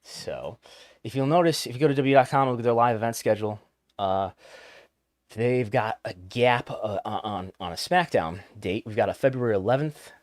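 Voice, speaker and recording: A man's voice: medium pitch, animated, normal speed, dry recording, studio quality. A man hosting a podcast, chatting casually about the news with wry, joking asides. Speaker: podcast host.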